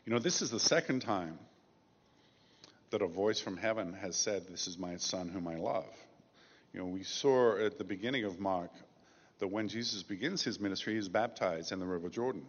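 A man preaching a sermon as pastor, measured and emphatic, slowing down to stress key phrases. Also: sits low. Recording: dull lo-fi sound with long reverb.

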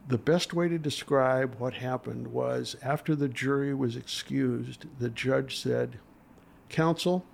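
A man's voice: mid-range voice, fairly even intonation, measured pace, gravelly, few pauses, slight background noise. An older man, a trial lawyer, tells courtroom stories in an interview in an earnest, emotional way with frequent hesitations. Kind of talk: storytelling in a podcast interview.

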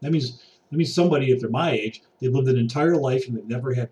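A man's voice: medium pitch, quick pace, hardly any pauses, mellow. A man in an exasperated, preachy rant to camera, pacing around a room and swinging between muttering and raised outbursts. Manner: paces about while talking. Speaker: vlogger. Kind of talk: ranting monologue to camera. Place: indoor room. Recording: voice distant from the mic.

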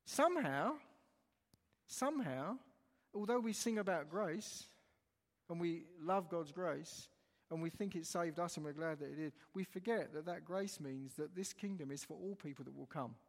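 Speaking at normal speed in a fairly high, expressive voice, a man from England delivers a sermon with long hall reverb around him. He animatedly tells a story and recounts its dialogue line by line.

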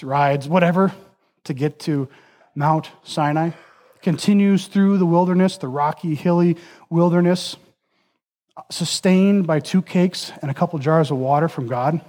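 Male preacher with a high voice, earnest and emphatic in the pulpit. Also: darkish tone. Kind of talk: sermon.

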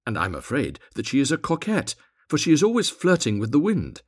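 A man's voice: medium pitch, huge pitch swings, no echo, studio quality, pitched above the performer's own voice. A man voicing a prim, talkative little male swallow in a storybook reading. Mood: fussy. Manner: prim, talkative, quick to complain.

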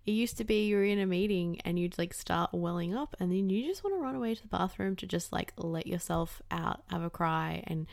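A woman's voice: on the low side, fairly quick, gravelly, hardly any pauses, darkish tone, dry recording, studio quality. A young woman hosting a podcast, talking candidly in a casual monologue, swearing freely and using lots of fillers. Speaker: podcast host.

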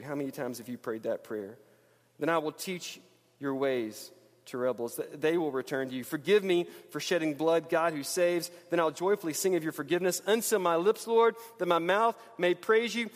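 Impassioned preacher in an echoing hall. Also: male voice, sits high, a little fast. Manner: impassioned, builds to pleading then drops to hushed. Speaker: pastor. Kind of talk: sermon. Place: church sanctuary.

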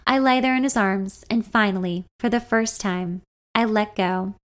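A woman podcast host telling a first-person story in a self-deprecating way, swinging between hushed and loud lines. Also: mid-range voice, normal speed.

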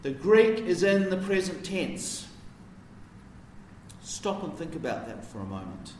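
Male preacher, slightly high voice, chatty teaching sermon, distant mic with faint room ambience. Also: sing-song, measured pace, a little mellow, echoey room, slight background noise. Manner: conversational, explanatory, rhetorical questions.

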